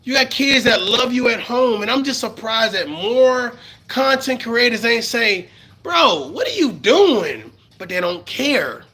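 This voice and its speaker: A middle-aged man from the Bronx with a New York accent, ranting profanely on a live stream and swinging between low mutters and loud outbursts. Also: unhurried.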